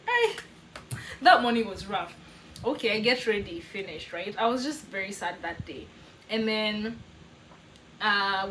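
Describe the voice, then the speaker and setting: A young woman with a Kenyan accent telling a story in a casual vlog, animated, laughing often and slipping in Swahili words. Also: on the high side, slight background noise, rough recording. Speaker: vlogger.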